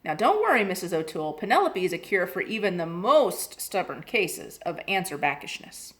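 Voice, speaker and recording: A woman voicing a kindly older woman who calmly reassures a worried mother in a storybook reading. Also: fairly low pitch, normal speed. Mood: reassuring. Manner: reassuring, matter-of-fact.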